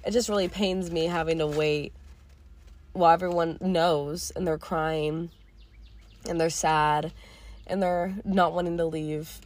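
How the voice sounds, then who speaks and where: A teenage girl hosting her own podcast, talking in a candid, rambling way with casual swearing and a voice going a little hoarse. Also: sits low, fairly even intonation, measured pace, no room sound. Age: teens. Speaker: podcast host. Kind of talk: casual reflective monologue.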